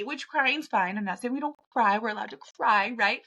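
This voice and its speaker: A woman hosts a motivational podcast and talks straight at the listener. Her voice is bright and a little high. She is blunt and emphatic, pressing the point again and again like a coach. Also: normal speed, hardly any pauses. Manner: direct, pep-talk, blunt and emphatic. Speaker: podcast host. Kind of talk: motivational monologue.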